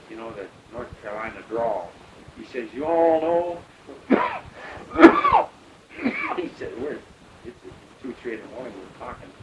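Rambling man telling a story in a roomy recording. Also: medium pitch. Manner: rambling, halting with many pauses and fillers. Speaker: storyteller recounting a rescue. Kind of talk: casual oral-history storytelling. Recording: roomy recording with loud background hiss.

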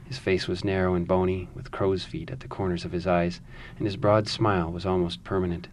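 A man, an author, speaking thoughtfully about his writing and reading his own novel aloud in a measured way. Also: low voice, flat delivery, a little hiss or hum.

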